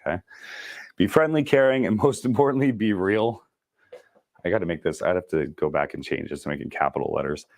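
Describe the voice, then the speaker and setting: Fast-talking deep-voiced male sales trainer. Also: no room sound, studio quality. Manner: talks fast, chatty and joking. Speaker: real estate sales trainer. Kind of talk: casual training session.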